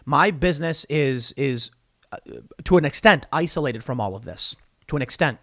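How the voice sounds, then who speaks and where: Dude doing solo political commentary, kinda high voice, bounces around a lot, dry close mic. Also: male voice, moderate pace, no room sound. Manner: animated, repeats himself, argues by example.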